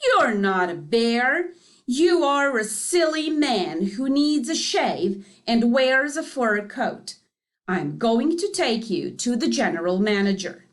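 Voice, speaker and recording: A scornful male factory foreman from a children's story, put on by a woman reading aloud. He barks his scolding lines, loud and raised in pitch. The delivery stays slow. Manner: scolding, mocking.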